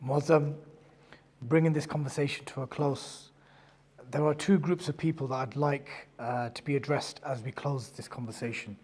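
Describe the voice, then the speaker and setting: Measured male panel moderator. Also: mid-range voice, steady tone, a little mellow, breathy edge. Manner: measured, with hesitations. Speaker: podcast host, moderator.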